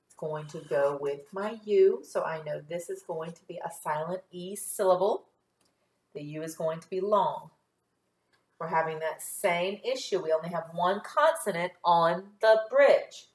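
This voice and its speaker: Woman teacher, phonics lesson, slow and deliberate, echoey room. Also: fairly low pitch. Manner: slow, careful sounding out of syllables.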